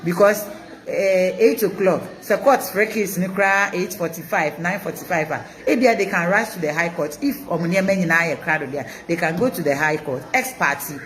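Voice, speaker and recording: A Ghanaian woman hosting a live stream, mixing Twi and English, reading viewer comments in an animated, chanting way. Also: fairly low pitch, normal speed. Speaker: host of an online news channel.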